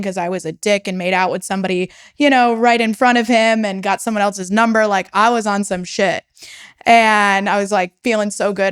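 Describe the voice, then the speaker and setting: A woman's voice: medium pitch, fairly even intonation, fairly quick, clean tone. A young woman telling her personal story as a podcast guest, frank and swearing freely as she relives it. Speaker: podcast guest, startup founder.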